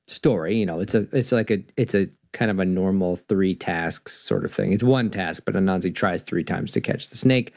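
A man hosting a show on stories, reading a picture book aloud and explaining it in an animated way, often restarting his sentences. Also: low-pitched, moderate pace, creaky, few pauses, no echo, clean studio sound. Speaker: host. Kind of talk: reading and discussing stories on a podcast.

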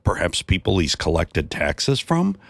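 A man's voice: sits low, wildly swooping pitch, vocal fry, a bit bright, no echo, full character voice. A man voicing a fretful, exasperated wife. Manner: quick, fretful complaining. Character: anxious, exasperated wife of a wealthy tax collector.

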